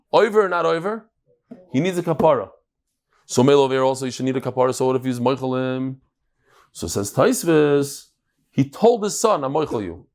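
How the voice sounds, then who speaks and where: A man, a rabbi, giving a daily Talmud lecture, thinking out loud, acting out the exchanges and mixing English with Hebrew and Aramaic terms. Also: a little high.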